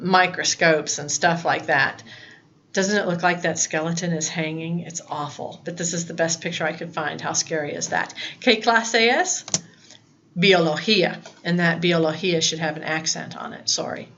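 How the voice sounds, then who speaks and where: A woman's voice: fairly low pitch, fairly bright tone, lo-fi sound, slight background noise. A woman teaching a recorded lesson to her students in a patient, explaining way. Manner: patient, talks to students, mixes English and Spanish prompts. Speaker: Spanish teacher.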